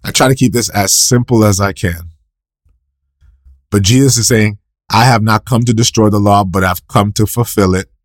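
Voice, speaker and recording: Recorded for a podcast with studio quality and no room sound, a man preaches a sermon at normal speed. He asks and answers his own questions, repeats scripture quotes, and sharply raises his pitch and volume for emphasis.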